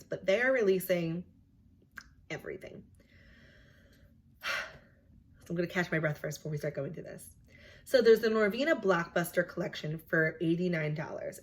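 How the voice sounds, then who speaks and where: A young woman talking casually and chattily as a beauty vlogger, sharing her opinions on new makeup releases with lots of "like" and "um". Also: fairly low pitch. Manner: chatty, opinionated, filler-heavy. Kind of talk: casual product review.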